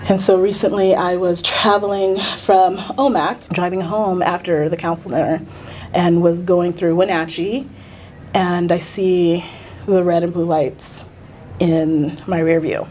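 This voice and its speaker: A middle-aged American woman, a teacher and union leader, recounting a personal experience in a halting, earnest way with many fillers and restarts. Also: lowish voice, steady tone, a little mellow, slight background noise. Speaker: union council president, teacher. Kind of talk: personal storytelling in a recorded conversation.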